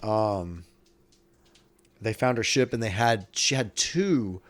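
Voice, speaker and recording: A man's voice: fairly low pitch, slow. A man hosting a podcast in casual chat, rambling and swearing freely. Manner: rambling, profane, many restarts. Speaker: podcast host.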